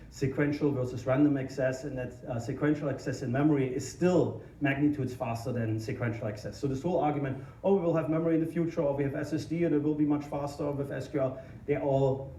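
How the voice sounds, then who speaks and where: A man with a German accent giving an energetic, informal tech conference talk, joking about himself and restarting sentences often. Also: mid-range voice, distant mic, a little hiss or hum. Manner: energetic, informal, self-deprecating, many restarts. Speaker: conference speaker. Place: conference hall. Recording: echoey hall, mic from afar.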